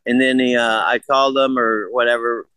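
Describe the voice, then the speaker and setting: A man's voice: medium pitch, steady tone, normal speed, sharp tone, clear, resonant tone, rough recording. An older man in a casual interview, blunt and profane, rambling through stories. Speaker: guest.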